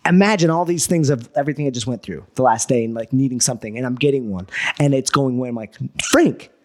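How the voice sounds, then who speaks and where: Quick-paced and medium-pitched, a man appearing as a guest entrepreneur tells a relaxed story laced with swearing. He's animated and performs the dialogue he's quoting.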